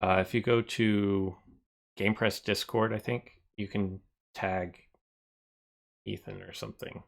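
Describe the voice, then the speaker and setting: A man chatting casually on a live stream, thinking aloud and often trailing off into quieter mumbles as he reads from his screen. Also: lowish voice, flat delivery, takes it slowly, gravelly.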